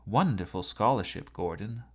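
A man voicing a suave, fashionable middle-aged male scholar with a smooth, genial manner. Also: fairly low pitch, animated, moderate pace.

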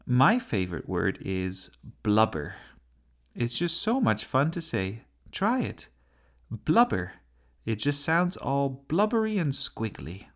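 A man voicing a bossy, imaginative young girl in a children's storybook reading, his voice raised high. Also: huge pitch swings, slow. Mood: chatty.

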